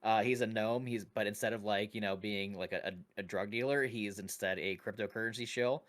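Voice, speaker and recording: A man's voice: on the low side, fairly even intonation, a little fast, a bit bright. A man co-hosting a podcast, who is also a dungeon master, chatting loosely about his tabletop characters, swearing and laughing often. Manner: loose and profane, laughing often, rambling with restarts. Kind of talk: casual podcast chat.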